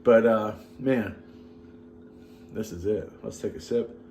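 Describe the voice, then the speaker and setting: A man with a lowish voice takes his time as he co-hosts a show, mixing a cocktail at home in a farmhouse. He chats casually with rambling asides over some background noise.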